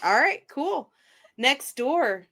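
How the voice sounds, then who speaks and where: A woman narrating a tabletop game as game master, describing scenes in a halting way with many pauses and fillers. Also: high voice, very animated, pushed and bright.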